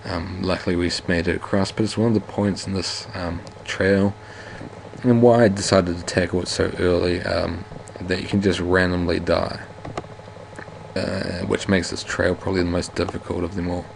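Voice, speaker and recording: A man's voice: deep voice, flat delivery, normal speed, gravelly, a little hiss or hum, low-quality recording. A man playing a game and reading its narration aloud, stumbling over words now and then and adding casual asides in an odd put-on reading accent. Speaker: let's play host.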